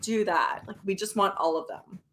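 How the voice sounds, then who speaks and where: A woman's voice: medium pitch, normal speed, fairly bright tone. A woman chatting casually with co-hosts and making wry, joking asides. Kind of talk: casual chat.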